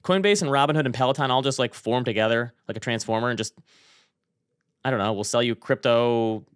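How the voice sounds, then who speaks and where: A man co-hosting a podcast, telling stories in animated, chatty banter. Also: medium pitch, brisk, clear, resonant tone, no echo, clean studio sound. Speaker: podcast co-host. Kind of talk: casual chat.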